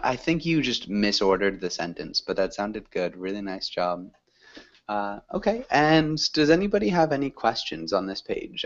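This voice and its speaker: A man teaching an English class, correcting students gently and praising them. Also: on the low side, lo-fi sound.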